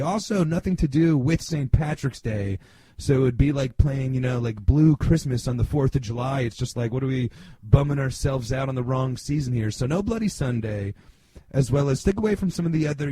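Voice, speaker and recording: Middle-aged male podcast host, husky mellow voice, rambling and blunt. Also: mid-range voice. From New Jersey. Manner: rambling, many fillers and restarts; blunt, casual swearing. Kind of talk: casual monologue.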